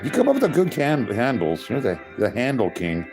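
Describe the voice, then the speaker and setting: A man's voice: mid-range voice, wildly swooping pitch, a little fast, over music. A man hosting a casual livestream, chatting with viewers in a rambling, wry way and chuckling at himself. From California. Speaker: livestream host. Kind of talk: casual livestream chat reading comments.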